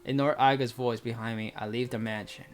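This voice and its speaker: A man's voice: mid-range voice, steady tone, a little fast, soft background music. Casual male reader of a visual novel; rambles between lines with plenty of fillers, mid-range voice. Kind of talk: reading a visual novel aloud with casual commentary.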